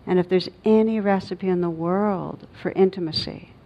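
A middle-aged woman, a meditation teacher, giving a dharma talk in a reflective, halting way with many pauses and fillers. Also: fairly low pitch, fairly even intonation. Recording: dull lo-fi recording.

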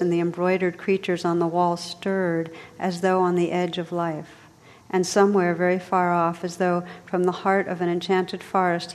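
Woman storyteller, lowish voice, measured expressive reading, long hall reverb. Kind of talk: read-aloud storybook narration.

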